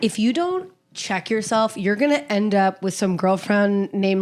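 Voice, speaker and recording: A woman's voice: medium pitch, measured pace, hardly any pauses. A woman from Canada, a comedian guest on a chat show, playfully riffing and ranting. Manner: playful, riffing, animated rants.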